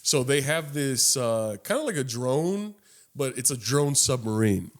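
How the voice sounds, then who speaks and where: A man's voice: sing-song, unhurried. A man co-hosting a podcast in casual chat, with a laid-back, slangy way of talking. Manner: laid-back, slangy, breaks into high-pitched laughter. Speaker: podcast co-host.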